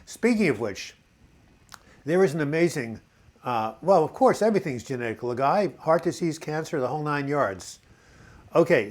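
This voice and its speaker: A man hosting a casual live video chat, reading out viewers' comments and answering them in a rambling, encouraging way. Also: mid-range voice. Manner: chatty and rambling, reads viewer comments aloud; encouraging, addresses viewers as boys and girls.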